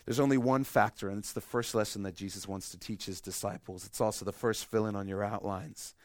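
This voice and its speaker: In a studio-quality recording free of room sound, a middle-aged male pastor preaches at a fairly quick pace, his fairly low voice mostly even in intonation. He tells self-deprecating stories, alternating loud emphasis with hushed quiet.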